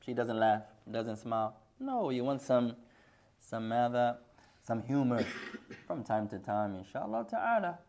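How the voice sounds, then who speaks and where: A man's voice: mid-range voice, big pitch swings, a little slow, a little mellow. A middle-aged man teaching a hadith class, joking and teasing his students and mixing Arabic phrases into his English.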